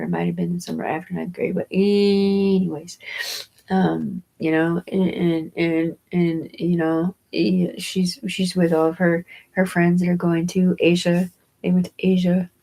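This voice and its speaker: Lowish gravelly woman just rambling on camera, lots of um and anyways, swears here and there. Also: moderate pace, a little mellow, rough recording. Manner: chatty and digressive, with frequent fillers and restarts; swears casually and laughs through her stories. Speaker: mother telling a personal story. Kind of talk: rambling casual storytelling.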